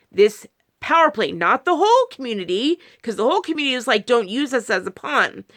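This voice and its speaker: A woman's voice: on the high side, fairly bright tone. A married woman talking casually to camera, rambling through a personal story with many restarts and quoted asides. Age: adult, married. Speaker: video creator.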